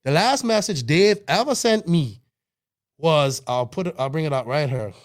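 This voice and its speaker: In a casual hobby podcast chat, one co-host speaks at a normal speed with a fairly high, expressive voice. His talk is emphatic and heated, loaded with swear words and restarts.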